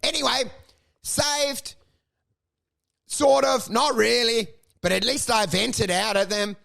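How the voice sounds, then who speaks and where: A young man with a high, bright voice tells a crude story in a casual podcast chat, ranting and swearing as he goes. His pitch leaps around constantly, and a gravelly fry creeps into the low ends of his phrases. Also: measured pace. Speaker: stand-up comedian and podcast co-host.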